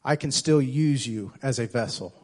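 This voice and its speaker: A man preaching a sermon as pastor, impassioned, repeating and restarting phrases and swinging between loud and soft. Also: mid-range voice, normal speed.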